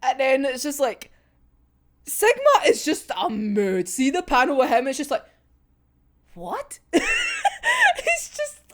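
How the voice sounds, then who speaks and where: A woman's voice: high voice, wildly swooping pitch, slow, fairly bright tone. A young woman reacting to a manga chapter in casual, sweary talk, laughing often. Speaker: manga reaction video host.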